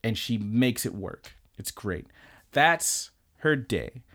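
A young man co-hosting a podcast, recapping an anime in an animated, rambling and profane way. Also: medium pitch, takes it slowly. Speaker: podcast co-host. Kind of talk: casual anime recap chat.

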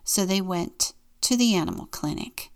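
A woman deacon reading a children's picture book aloud in a gentle, unhurried storytelling manner. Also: fairly low pitch, animated.

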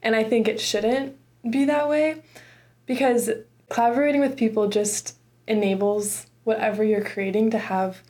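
A woman's voice: on the high side, fairly even intonation, normal speed, mellow. A young woman in her twenties, a student podcaster, talking earnestly and casually with many likes and ums. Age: 20s. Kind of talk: casual interview.

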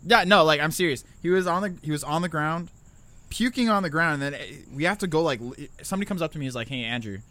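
A man in his twenties hosting a podcast, telling profane stories in casual, animated chat. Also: fairly high pitch, fast. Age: 20s. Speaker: podcast host.

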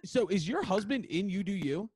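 A man hosting a podcast in casual, excitable chat, swearing freely. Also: sits high, normal speed, slightly rough. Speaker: podcast host.

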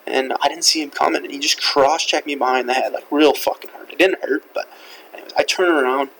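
A man's voice: on the high side, fairly even intonation, fast, a bit bright, slight background noise, rough recording. A young man whose first language is French, hosting a podcast and telling a rambling, profane story full of fillers. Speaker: podcast host. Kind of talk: casual storytelling.

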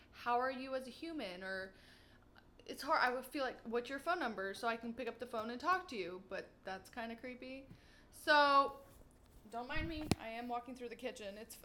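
A woman's voice: fairly high pitch, a bit bright. A young woman hosting her own podcast, chatting casually while walking around her kitchen, swearing freely and acting out what she and others said. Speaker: podcast host. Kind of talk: casual solo podcast chat.

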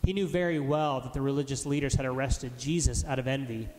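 A man giving a formal, measured reading of scripture aloud. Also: mid-range voice, steady tone, darkish tone. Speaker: scripture reader. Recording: echoey hall with faint noise.

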